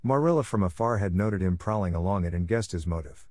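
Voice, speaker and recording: Low-voiced male audiobook narrator. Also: expressive, fast talker, darkish tone, no echo, studio quality.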